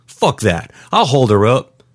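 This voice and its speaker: A man's voice: mid-range voice, very animated, unhurried, no echo, studio quality, voice pushed up. A man voicing an earnest, impulsive young security guard in a storybook reading, speaking in an urgent, pleading manner.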